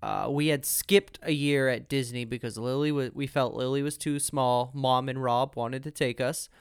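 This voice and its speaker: A man's voice: mid-range voice, steady tone, moderate pace, clear, resonant tone, dry recording, studio quality. A man hosting a podcast, telling a long personal story in casual chat with some fillers. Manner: earnest storyteller, many fillers. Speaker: podcast host.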